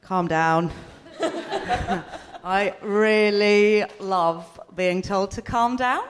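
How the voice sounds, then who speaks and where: On stage before an audience, a woman co-hosting a live comedy podcast does self-mocking, sarcastic stand-up. Her medium-pitched voice moves very slowly, and the live recording picks up background noise.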